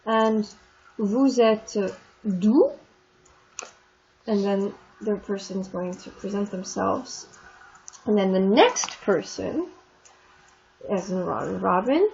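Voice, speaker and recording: A woman's voice: medium pitch, a little mellow. Chatty woman teaching French, lo-fi. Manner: chatty, explains slowly, stretches French words. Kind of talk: recorded online lesson. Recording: dull lo-fi screen recording with faint noise.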